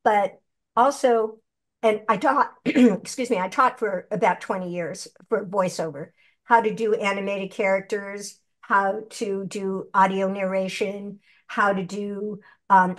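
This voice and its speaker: An older woman, a seasoned actress and voice performer, telling stories animatedly in an interview. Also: medium pitch. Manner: animated, chatty storyteller who acts out quotes. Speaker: guest, actress and voice actor. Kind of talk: conversational interview.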